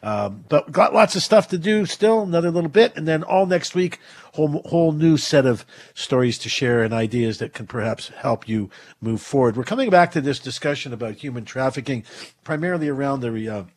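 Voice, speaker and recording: Male radio host, husky and stuffed up, earnest rambling delivery, dry close mic. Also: medium pitch, lively intonation, fairly quick, a little mellow, no room sound. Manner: earnest, rambling with many fillers. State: stuffed up, getting over covid. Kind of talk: call-in radio talk. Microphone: studio microphone.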